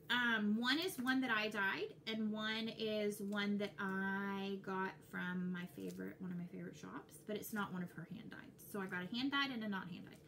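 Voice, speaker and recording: A young woman with a Texas accent, chatting casually and excitedly to her viewers as a cross-stitch vlogger. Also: medium pitch, slight background noise. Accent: Texan. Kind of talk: casual chat to camera.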